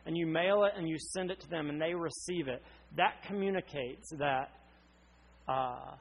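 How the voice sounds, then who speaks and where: A man's voice: on the high side, normal speed, vocal fry, slightly rough, poor audio. A man in his thirties, from North Carolina, preaching an earnest sermon with emphatic questions. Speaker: pastor.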